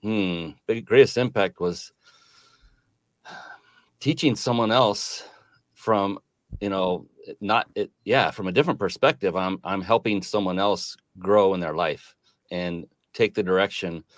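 A man's voice: low voice, measured pace, no echo. A middle-aged man answering as a podcast guest, reflective and earnest with some hesitations. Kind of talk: casual interview conversation.

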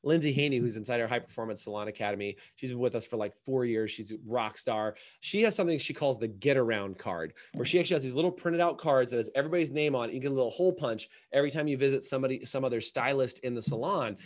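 A man's voice: mid-range voice, quick pace, few pauses. Emphatic man talking salon business. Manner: emphatic and animated, acts out little quoted voices. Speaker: salon business coach and podcast guest. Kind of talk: casual podcast conversation.

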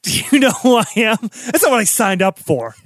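A man's voice: high voice, big pitch swings, moderate pace, a bit bright, no echo. A man co-hosting a podcast, casually recapping a TV episode with dry sarcasm and mock-quoted lines. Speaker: podcast co-host.

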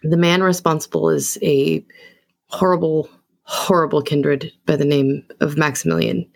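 A woman's voice: sits low, steady tone, measured pace, creaky. A woman player speaking formally in character during a tabletop role-play. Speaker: player voicing a vampire.

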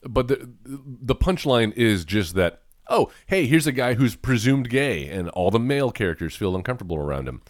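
A man's voice: medium pitch, sing-song, moderate pace, hardly any pauses, no echo, clean studio sound. A man co-hosting a movie podcast, joking playfully and teasing himself in a casual chat. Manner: jokey, playful, mock self-deprecating. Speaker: podcast co-host.

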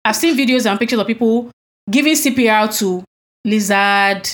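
A woman with a voice on the high side speaks at a normal speed while co-hosting a casual podcast chat. Indignant and emphatic, she recounts what happened and asks pointed rhetorical questions.

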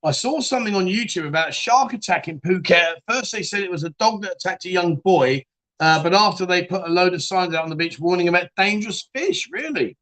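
Casual stream host, man, high and bright, rambling and laughing as he reads comments. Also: quick pace. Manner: chatty, laughs often, trails off and restarts. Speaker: live chat show host reading viewer comments. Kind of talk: casual live-stream chat.

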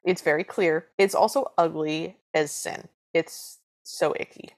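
A woman co-hosting a podcast, recapping a movie with dry, deadpan remarks. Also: sits low, measured pace. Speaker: podcast co-host. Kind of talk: casual chat recapping a movie.

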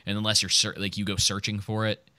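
Bright-voiced rambling podcast man. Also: on the low side, little pitch movement, fast talker, no echo. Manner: rambling, hesitant, many fillers. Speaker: podcast co-host. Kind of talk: casual chat.

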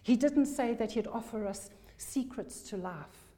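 Emphatic woman preaching, mellow voice. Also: fairly high pitch, lively intonation, a little slow. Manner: emphatic, repeats key phrases. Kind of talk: sermon.

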